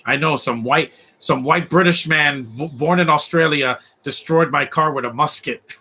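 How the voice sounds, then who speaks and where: A man talks loosely over a film as it plays, rambling from one point to the next and laughing at the scenes. His voice is bright and forward, with a husky edge. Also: fairly high pitch, measured pace. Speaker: film commentator. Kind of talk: casual live movie commentary.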